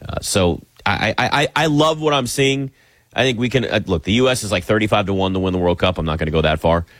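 A man from the United States hosting an opinionated sports talk segment, animated and sarcastic as he rants. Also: fairly low pitch, fast, dry recording. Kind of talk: opinionated sports commentary monologue.

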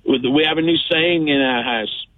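A man's voice: on the high side, fairly quick, dry recording. A man in his fifties from the United Kingdom, calling in to a radio show and rambling chattily with lots of fillers over a phone line. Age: 50s. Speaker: caller. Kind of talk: phone call-in chat.

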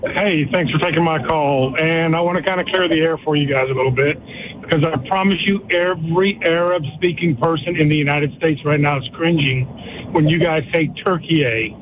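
An older man phones in to a sports radio show, earnest and eager, repeating himself as he goes. His voice is a little high at normal speed, coming through a tinny phone line with a bit of hiss or hum.

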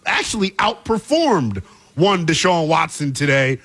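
A man co-hosting a sports talk show, animated and opinionated with a playful, teasing manner. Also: on the high side, measured pace.

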